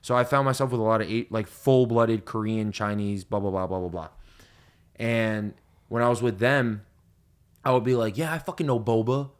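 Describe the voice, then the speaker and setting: A young man hosting a podcast, telling stories in casual chat with lots of swearing and loud laughs at his own punchlines. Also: on the low side, normal speed, clean tone. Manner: profane, animated storyteller, laughs loudly at punchlines. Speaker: podcast host.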